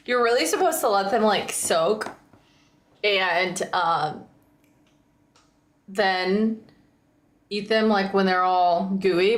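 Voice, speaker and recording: Chatty woman livestreamer in a roomy space. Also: mid-range voice. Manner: rambling, chatty, frequent likes and ums. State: slightly hoarse, recovering voice. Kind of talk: casual chat with viewers.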